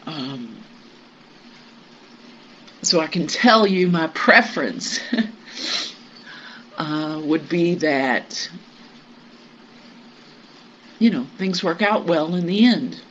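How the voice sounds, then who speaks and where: A group member sharing personal news in a meditation group, halting and reflective, with many pauses and fillers. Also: mid-range voice, animated, a bit bright. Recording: muffled recording with faint hiss.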